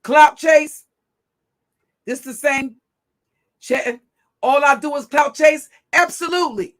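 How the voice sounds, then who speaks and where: Give me a woman livestream host ranting at her chat: cursing, taunting and confrontational, with a high, bright, cutting voice. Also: takes it slowly.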